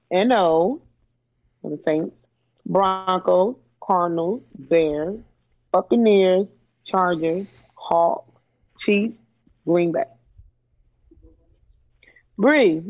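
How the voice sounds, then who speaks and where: A woman co-hosting a casual sports chat, blunt and brisk as she reads off picks. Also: on the low side, a little mellow, dull audio. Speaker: podcast co-host.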